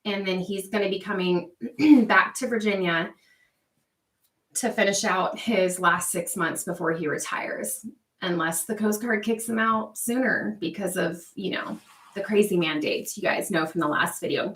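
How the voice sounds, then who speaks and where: A woman's voice: mid-range voice, measured pace, fairly bright tone, far from the mic. A woman hosting a casual livestream, chatting with viewers and answering their comments by name. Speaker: livestream host. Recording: echoey room, voice a bit off-mic.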